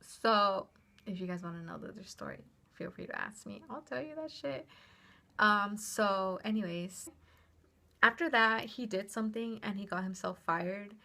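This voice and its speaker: A young woman telling a personal story on her vlog in a chatty, animated way, with lots of "like" and casual swearing. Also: medium pitch, moderate pace, gravelly.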